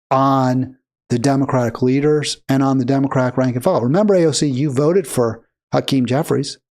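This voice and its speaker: A man's voice: mid-range voice, a little mellow. A man commenting on played clips, indignant and emphatic, his voice rising into heated bursts. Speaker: political commentator.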